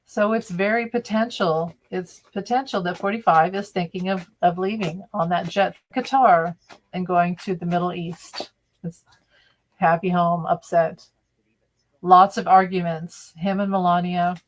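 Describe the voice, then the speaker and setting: A woman with a lowish voice reads tarot cards on a live stream. She talks in a loose, opinionated, chatty way and often restarts mid-sentence. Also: steady tone, measured pace. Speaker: tarot reader.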